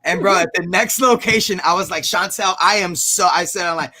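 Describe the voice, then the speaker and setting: A man's voice: high-pitched, fairly quick, pushed and bright. A man chatting casually on a live stream, telling rambling stories with restarts and repeats. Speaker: storage auction buyer and show regular.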